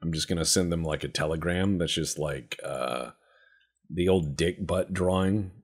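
Low-pitched and a little slow, this man's voice has vocal fry and a breathy edge. He's a gameplay commentator delivering joking, profane, rambling let's-play commentary over a strategy game.

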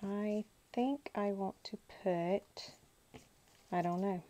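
A woman hosting a crafting channel chats casually as she unboxes paper supplies, gushing and talking to herself while handling the paper. Her voice is medium-pitched, slow, and warm, and the recording is rough.

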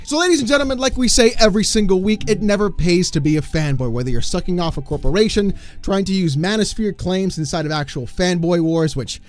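On his gaming commentary channel, a man with a fairly high-pitched voice goes on a mocking, fed-up rant, at times breaking into shouts.

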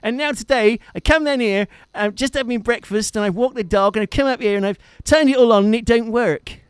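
A man's voice: very high-pitched, a little fast, smooth, dry recording, pitched above the performer's own voice. A man imitating a fretful, flustered middle-aged friend with a Devon accent who complains in long run-on sentences.

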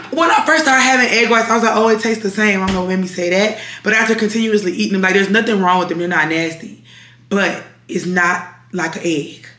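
A young woman with a raspy, worn voice chats casually to her viewers, keeping it loose and talkative. Her voice sits in a middle register. The room gives it a noticeable echo. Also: medium pitch, sharp tone, a little hiss or hum. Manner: chatty, addresses viewers as y'all. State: raspy, strained voice. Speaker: vlogger. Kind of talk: casual chat to camera. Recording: roomy echo.

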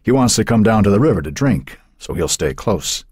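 A man's voice: lowish voice, sing-song, a little fast, darkish tone, slightly rough, no echo, studio quality, pitched above the performer's own voice. A man voicing a stern middle-aged stepfather who gives clipped orders. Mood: commanding. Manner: commanding, clipped.

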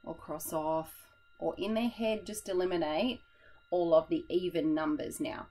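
A woman's voice: on the low side, fairly even intonation, unhurried, dark tone, low-quality recording. A young woman teacher, explaining a classroom method in a chatty, tired way and laughing at herself.

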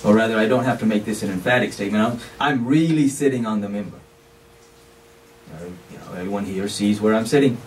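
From the pulpit of a mosque, a man delivers an explanatory sermon in a conversational way, often saying "you know" and using Arabic phrases. His voice sits on the low side, a little mellow, and he speaks fairly quickly. The mic is distant, with faint background noise.

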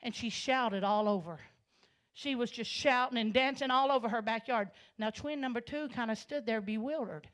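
A woman from Arkansas, telling her life story as a church sermon, storytelling that swells into loud, passionate preaching. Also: a little high, moderate pace. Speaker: guest speaker giving testimony. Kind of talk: Pentecostal sermon testimony. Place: church sanctuary.

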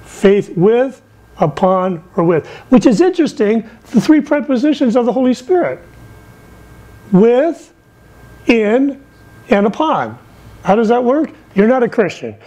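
A middle-aged man giving a lively sermon from the pulpit, telling stories with big swings in his voice. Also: unhurried, rough recording. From England. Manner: animated, storytelling with wide swings in pitch. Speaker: missionary speaker.

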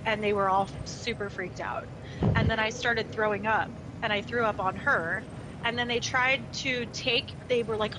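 A middle-aged woman streaming a game, chatting casually with friends and telling animated stories with acted-out quotes and frequent laughter. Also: on the high side, normal speed, noisy background. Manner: animated storyteller, acts out quoted voices, laughs often. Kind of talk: casual gaming chat storytelling.

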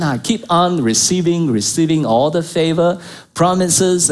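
A middle-aged pastor with a fairly high voice preaches a sermon emphatically. He repeats key phrases and poses rhetorical questions to the congregation.

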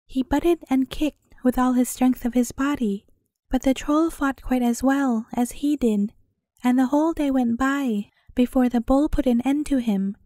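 A woman narrating a bedtime fairy tale in a gentle, measured way. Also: high voice, no echo, studio quality. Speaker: storyteller.

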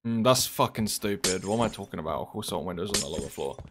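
Joking young streamer. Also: male voice, low voice, quick pace, slight background noise. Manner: joking, swearing, easily excited. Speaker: gaming streamer. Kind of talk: casual chat while playing a game.

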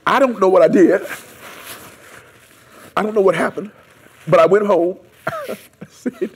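A man's voice: high voice, slow, pauses often, husky. A man in an oral history interview, telling his story and acting out the dialogue and prayers in it. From United States. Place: seminary room.

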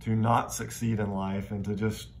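Man lecturing with low voice. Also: flat delivery, normal speed, darkish tone. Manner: reflective, thinks aloud with frequent restarts. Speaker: literature lecturer. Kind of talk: classroom lecture. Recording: faint background noise.

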